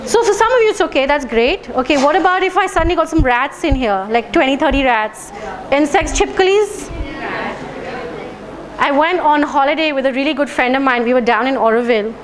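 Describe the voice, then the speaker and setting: High-voiced woman giving a talk. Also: expressive, brisk, crowd noise, rough recording. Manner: engaging, asks the audience questions; leads guided tapping phrases aloud. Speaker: speaker leading a health talk. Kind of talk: public talk to a live audience. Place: lecture room with an audience.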